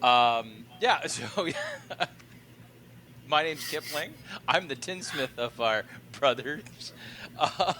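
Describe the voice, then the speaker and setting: A man's voice: medium pitch, expressive, slow pace, pauses often, pushed and bright, a little hiss or hum. A man co-hosting a podcast as a tinsmith, chatting in a giggly, self-deprecating way. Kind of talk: casual chat.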